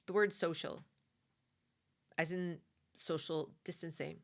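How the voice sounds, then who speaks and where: A woman's voice: low-pitched, fairly even intonation, slow, gravelly. An American woman living in the South gives a conversational, opinionated monologue with fillers and restarts. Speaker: commentary host.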